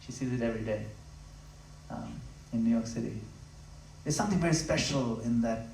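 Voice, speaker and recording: A man giving a devotional talk at a home gathering, impassioned and conversational, swinging from loud emphatic peaks to low, intimate asides. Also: vocal fry, slight background noise. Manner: conversational, acts out quick voices of listeners. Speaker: spiritual speaker. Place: room in a home. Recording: roomy, from a distance.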